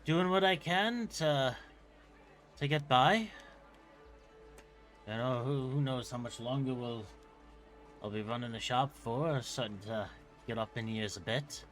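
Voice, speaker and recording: A man voicing an elderly woman shopkeeper, worried and weary, talking haltingly with many pauses and fillers. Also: medium pitch, fairly bright tone, soft background music, lightly acted.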